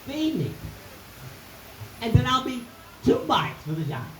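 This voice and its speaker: A storyteller voicing a small, brave, hungry girl in a high, eager little voice. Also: sing-song, a little slow, a bit bright, reverberant, slight background noise, low-quality recording.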